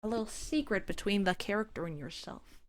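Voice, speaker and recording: A woman's voice: mid-range voice, fast, a little hiss or hum. A woman giving sarcastic, exasperated commentary while reviewing a webcomic, with frequent swearing. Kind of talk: casual commentary reading.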